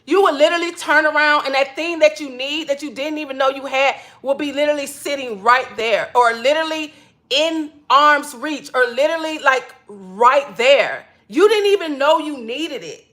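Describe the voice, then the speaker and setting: Bright high-voiced woman chatting. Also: moderate pace. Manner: chatty, repeats "literally", laughs often. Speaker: spiritual wellness creator. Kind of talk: casual storytelling to viewers.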